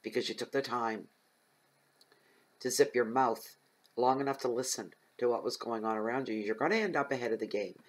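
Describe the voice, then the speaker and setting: A man's voice: medium pitch, moderate pace, poor audio. A man giving a general tarot reading, talking straight to his listeners in an earnest, rambling way with frequent ums. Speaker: tarot reader.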